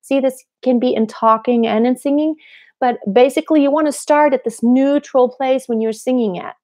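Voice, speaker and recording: A young adult woman teaches singing on a live stream through her computer mic, explaining vocal technique, answering viewers' questions and demonstrating voice placements. She asks herself rhetorical questions as she goes, in a high, darkish voice at a moderate pace.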